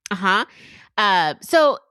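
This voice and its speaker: A tipsy woman co-hosting a book podcast, rambling through a plot recap with animated asides. Her voice is bright and forward. The sound is close and dry. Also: medium pitch, slow, smooth, no room sound. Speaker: book club podcast co-host. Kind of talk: casual chat.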